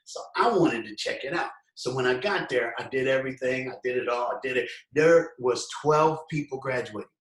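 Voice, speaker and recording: A man giving a motivational speech, telling a story with lively acted-out quotes and talking straight to the listeners. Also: mid-range voice, fairly quick, hardly any pauses, echoey room, recorded from a distance, low-quality recording. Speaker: motivational speaker.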